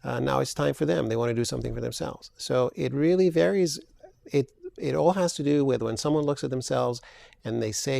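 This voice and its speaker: Gravelly-voiced man explaining calmly. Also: medium pitch, no room sound. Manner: measured, explanatory, with frequent fillers. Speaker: plastic surgeon guest. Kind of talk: interview answers.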